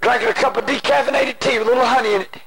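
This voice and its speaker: A male preacher delivering an impassioned sermon, moving between shouted pleading and hushed personal storytelling. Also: extremely high pitch, fairly even intonation, rapid-fire, vocal fry. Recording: noisy old cassette tape.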